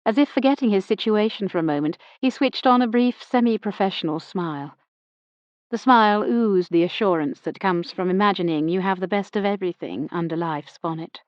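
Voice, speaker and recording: A woman narrating a period mystery audiobook in the first person, measured and wry. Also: mid-range voice, animated, no echo, muffled recording.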